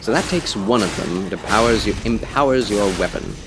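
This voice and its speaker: A man streaming a game live, chatting casually and politely with his viewers, with quick laughs and muttered asides. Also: fairly low pitch, expressive, noisy background. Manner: chatty, answers chat, playful and polite.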